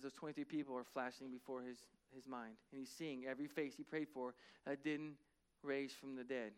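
Male pastor, higher-pitched, dramatic sermon storyteller, hushed to booming. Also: clear, resonant tone. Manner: dramatic retelling, swings from hushed to loud.

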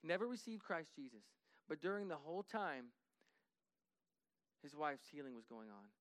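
A man telling a story in a conversational way, lively and full of restarts and repetitions, often dropping his voice to act out what people said. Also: a little high, moderate pace, no echo. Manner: lively, acts out dialogue, drops to a hushed voice for quotes.

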